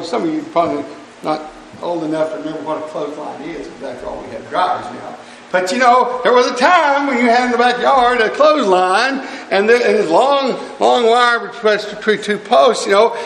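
A man's voice: sits high, vocal fry, a bit bright, long reverb tail. A man preaching a sermon in a church, folksy and pleading with his congregation, chuckling as he goes.

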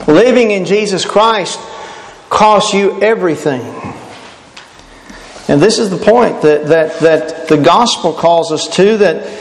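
A man preaching a sermon, emphatic and repeating his phrases for weight. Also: high voice. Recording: echoey hall with faint noise.

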